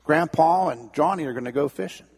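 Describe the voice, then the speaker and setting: A man playing a calm, knowing grandma. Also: fairly high pitch, a little fast, vocal fry, slightly rough, long reverb tail. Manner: calm, gently scolding.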